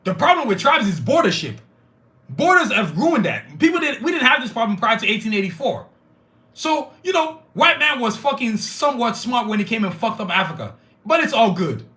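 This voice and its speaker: A man's voice: sits high, sing-song, brisk, pushed and bright. Fiery, profane male podcast host. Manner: profane, fiery, repetitive lists. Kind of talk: impassioned podcast monologue.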